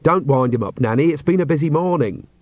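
A man reads as an earnest young witch woman, pitched high above his own voice. She is brisk and reproachful. The storybook reading sounds dry and slightly muffled. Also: animated, no echo.

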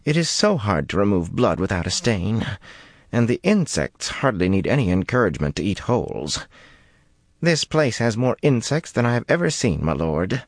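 Gloomy prim little manservant, murmuring, deep low voice, man putting him on. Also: sing-song, normal speed, no room sound, studio quality. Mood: melancholy. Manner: melancholy murmur. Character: mournful male manservant, fussy and prim.

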